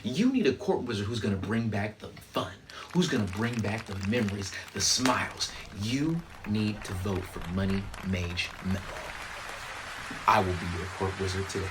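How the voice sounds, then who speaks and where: A man's voice: animated, background noise, close to an everyday voice. A man voicing a brash, crude male mage in a parody campaign advertisement. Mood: hard-sell. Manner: brash, crude, rapid-fire pitch.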